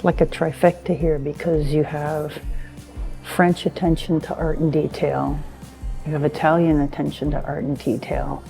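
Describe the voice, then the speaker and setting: A woman's voice: sits low, little pitch movement, normal speed, creaky, dark tone, faint music behind. A woman vlogging on a trip, casually narrating sights, prices and opening hours like a tour guide. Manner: chatty, informative tour guiding. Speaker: travel vlogger. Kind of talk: casual travel vlog narration.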